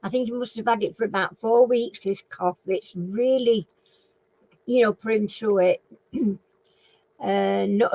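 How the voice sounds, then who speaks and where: A Northern English woman hosting a casual live-stream chat. She rambles along and keeps clearing a frog in her throat. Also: mid-range voice, a little mellow, dry recording, poor audio. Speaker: live chat and quiz host.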